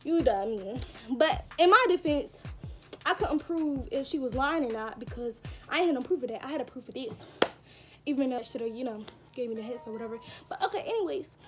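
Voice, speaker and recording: A young woman with a high voice tells a story to her camera in a loose, chatty vlog style. She is animated and pokes fun at herself as she talks straight to her viewers. Faint music plays behind her. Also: fairly quick. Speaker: vlogger. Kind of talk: casual storytime chat to camera.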